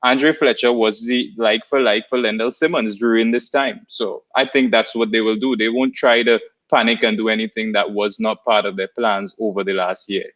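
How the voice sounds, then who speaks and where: A man's voice: lowish voice, fairly even intonation, a bit bright. Easygoing man on dull lo-fi audio. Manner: easygoing, measured, filler-heavy. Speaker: podcast guest. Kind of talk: casual podcast discussion.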